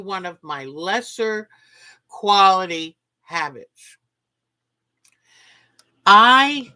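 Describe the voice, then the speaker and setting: Sleepy and yawning, a livestream host chats casually and reads out viewer comments with gusto. Her voice is fairly low in pitch, bright and forceful.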